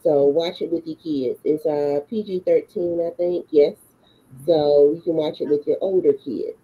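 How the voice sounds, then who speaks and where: Woman, relaxed reviewer; husky voice, dull lo-fi recording. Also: low voice, moderate pace. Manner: easygoing, hesitant with ums. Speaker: movie review co-host. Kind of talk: casual chat. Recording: dull lo-fi sound.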